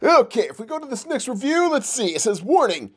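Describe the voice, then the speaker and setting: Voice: mid-range voice, sing-song, fairly quick, slightly rough. A performer voicing a giggly male puppet who hosts a comedic toy review show, laughing constantly and exclaiming through it. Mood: giggly, amused. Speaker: host.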